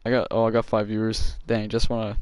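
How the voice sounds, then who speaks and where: Young male streamer, loose joking banter, a bit low-pitched, dry headset sound. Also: completely flat delivery, fast talker, a little mellow, clean tone, no echo, low-quality recording. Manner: loose, joking, with slang and laughs. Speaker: gaming streamer. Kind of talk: casual live-stream chatter.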